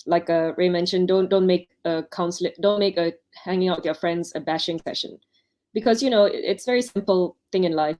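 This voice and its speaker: A woman's voice: fairly low pitch, dark tone. A woman doctor on an online panel, giving chatty advice to new doctors and acting out quoted lines in her stories. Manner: chatty, anecdotal, acts out quoted speech.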